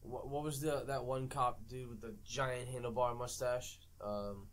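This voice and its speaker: Hesitant young man, halting speech. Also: medium pitch, steady tone. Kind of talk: casual movie review chat.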